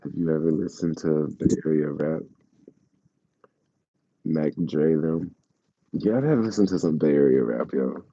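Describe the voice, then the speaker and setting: A man casually telling his travel stories to a live chat, slangy and animated, acting out the people he quotes. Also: very deep voice, measured pace, pauses often, muffled recording. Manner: animated, acts out quoted voices, laughs, slangy.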